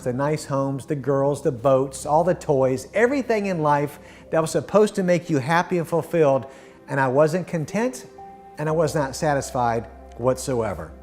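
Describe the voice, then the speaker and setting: A middle-aged man recounts his personal faith testimony in a slightly high, earnest voice. He speaks from the heart and often trails off softly at the end of a thought. Gentle music plays faintly behind him. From Florida. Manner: earnest and heartfelt, softening to a hush at the end of lines. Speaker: guest sharing his testimony.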